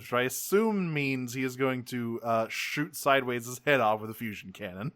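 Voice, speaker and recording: A man's voice: mid-range voice, no room sound, studio quality. A man co-hosting a podcast, recapping a cartoon episode in casual profane chat and acting out the characters' lines. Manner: profane, animated, acts out characters in quick voices. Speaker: podcast co-host.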